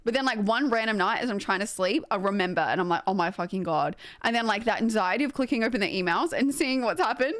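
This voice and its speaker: A woman's voice: medium pitch, fast talker, few pauses, dry recording. A young woman with an Australian accent chatting casually to her stream, rambling and self-mocking with lots of filler words and easy laughter. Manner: animated, full of filler likes. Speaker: game streamer.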